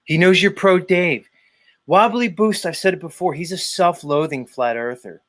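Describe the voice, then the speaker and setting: A man's voice: high-pitched, moderate pace, a bit bright. A man hosting a casual podcast chat, swearing freely and goading a viewer in a ranting, profane way. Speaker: podcast host.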